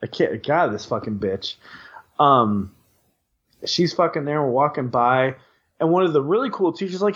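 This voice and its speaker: A man's voice: mid-range voice, unhurried, breathy edge, highs cut off. A young man from Wisconsin, co-hosting a podcast, telling a long story in casual chat, rambling and swearing with lots of fillers. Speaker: podcast co-host.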